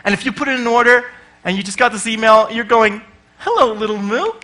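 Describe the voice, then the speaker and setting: A man giving a comic conference talk, animated and swearing freely, often acting out little voices. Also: very high voice, quick pace. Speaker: conference speaker.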